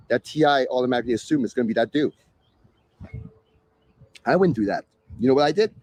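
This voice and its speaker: A man's voice: medium pitch, darkish tone, slightly rough, no room sound. A man hosting a live stream, talking casually to viewers in a sarcastic, exasperated rant. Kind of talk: ranting casual talk to viewers.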